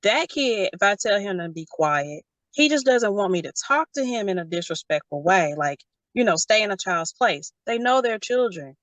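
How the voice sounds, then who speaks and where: Brief: young adult woman, lively storyteller, dry close sound. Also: medium pitch, normal speed, no room sound. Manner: animated storytelling, quotes others in character. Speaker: guest. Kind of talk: casual conversation.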